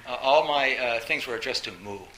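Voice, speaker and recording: A man giving a storytelling dharma talk as a meditation teacher, animated, with frequent laughter and many fillers. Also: mid-range voice, quick pace. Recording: roomy echo with faint hiss.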